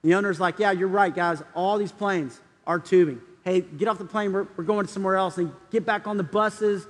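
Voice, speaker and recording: A man's voice: high voice, fairly quick, in a large hall. A man preaching a sermon, telling a story and acting out the voices in it before urging his listeners on. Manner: storytelling, acting out quoted voices, building to urgent appeals. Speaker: pastor.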